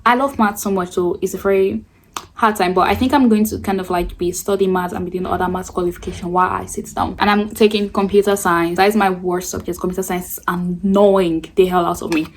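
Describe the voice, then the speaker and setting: A woman's voice: on the low side, steady tone, a little fast, slight background noise. A young woman, chatting casually in a get-ready-with-me vlog with joking asides. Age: late teens. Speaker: student vlogger.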